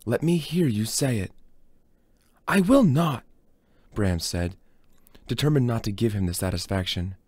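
A man reading a novel aloud as a steady, dramatic storybook narration. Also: mid-range voice, dry recording. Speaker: audiobook reader.

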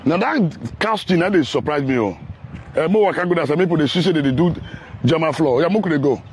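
High-voiced Nigerian man vlogging on foot. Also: animated, fast, slight background noise. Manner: chatty, teasing, heated. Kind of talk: casual walking commentary. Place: outdoors on a city road under construction.

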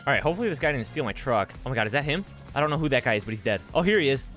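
Fast-talking, excitable male gaming streamer. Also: medium pitch, soft background music. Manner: joking, excitable, quick asides to viewers. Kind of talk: gameplay commentary with role-play.

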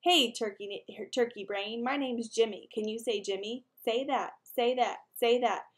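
A woman doing a loud, high-voiced boy. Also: a little slow, close to an everyday voice. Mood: excited. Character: excitable boy, about twelve, touchy and competitive.

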